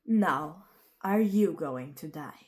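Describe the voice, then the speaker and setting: A woman voicing a cold, murderous female dragon who speaks in low threats. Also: expressive, slow pace, darkish tone. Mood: menacing.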